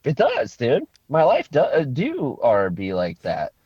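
A man's voice: mid-range voice, wildly swooping pitch, measured pace, husky, dry recording. A man in his thirties co-hosting a casual podcast, goofy and swearing freely, often slipping into joke voices. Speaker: podcast co-host. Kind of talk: casual chat. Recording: dull lo-fi dry sound.

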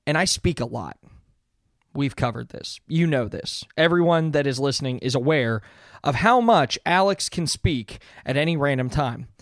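A man in his thirties hosts a casual solo podcast in an expressive voice on the high side, at a moderate pace. He talks earnestly but rambles, full of fillers and restarts, and the clean studio sound has no room noise.

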